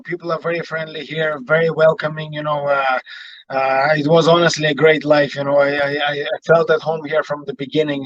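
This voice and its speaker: A man's voice: a little high, dry recording. A Russian-born man, a native Russian speaker with a slight Irish accent, talking frankly as a guest fighter in a casual interview, swearing freely and leaning on "you know". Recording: dull lo-fi dry sound.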